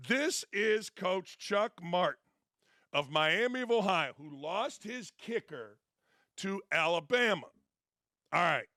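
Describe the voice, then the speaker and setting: A man's voice: high voice, expressive, slow pace, bright, forceful tone, no echo, studio quality. A middle-aged man, a former coach now hosting a sports show, giving blunt commentary that hammers each point by repeating it. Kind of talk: opinionated commentary.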